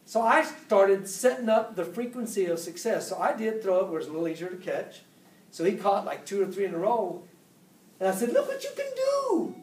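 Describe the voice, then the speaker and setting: A man giving a motivational seminar talk, animated, acting out quotes with big jumps in pitch. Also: a little fast. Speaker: speaker at a business seminar. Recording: echoey room, voice from far off.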